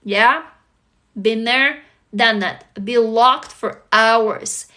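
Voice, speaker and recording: A slightly high, bright, forceful female voice draws out her words. Tired and sleepy, she hosts a casual livestream, answering viewers candidly, swearing freely, and throwing rhetorical questions at them.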